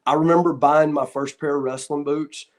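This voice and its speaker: A man with a drawl tells animated stories in a somewhat higher-than-usual voice. He speaks casually as an interview guest and plays out the lines of people in his stories. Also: moderate pace. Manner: animated anecdotes, acting out what others said. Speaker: guest, former wrestler and referee. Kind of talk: casual storytelling.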